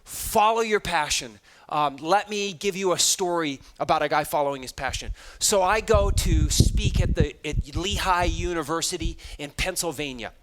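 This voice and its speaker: A man giving a motivational talk to students, telling stories in an animated way and acting out the dialogue with self-deprecating humor. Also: a little high, normal speed, few pauses, a little hiss or hum. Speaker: motivational speaker. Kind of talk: storytelling keynote talk to students.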